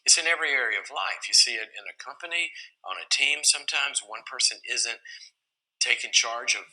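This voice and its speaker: A middle-aged man giving a teaching talk with personal stories, animated and moving between loud emphasis and soft whispered asides. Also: mid-range voice, rough recording. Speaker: speaker on boundaries and self-control.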